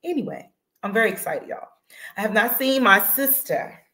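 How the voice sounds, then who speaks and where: A woman hosting a live podcast stream in excitable, chatty, slangy talk, laughing easily. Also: fairly high pitch, normal speed. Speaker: podcast host. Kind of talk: casual livestream chat.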